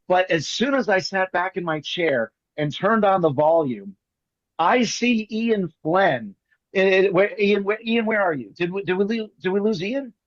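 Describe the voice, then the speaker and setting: A man performing as a magician, telling jokey stories in quick comic patter over a video call. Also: high voice, no echo, highs cut off. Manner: rapid joking storyteller, playful teasing. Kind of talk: comic patter on an online show.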